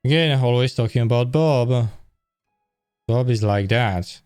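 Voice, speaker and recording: Brief: tired male art-stream host, mid-pitched voice, loose rambling chat, faint music behind. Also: measured pace, a little mellow, smooth. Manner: rambling, self-correcting, conversational. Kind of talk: casual live-stream talk.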